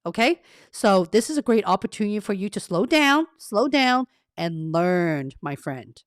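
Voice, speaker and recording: A woman hosting a casual career-coaching live stream, talking straight to her viewers in a friendly, rambling way. She reads their comments aloud and laughs at herself as she goes. Her voice sits at a middle pitch, recorded close and dry with no room echo. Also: lively intonation, normal speed. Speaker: career coach and livestream host. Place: carpeted home room treated to cut echo.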